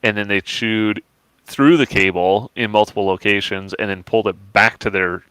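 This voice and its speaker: A man hosting a podcast who recaps a news story with halting restarts. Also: on the low side, steady tone, fairly bright tone, clear, resonant tone, no echo, low-quality recording. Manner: halting, many filler restarts. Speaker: podcast host reading news. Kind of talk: casual news banter.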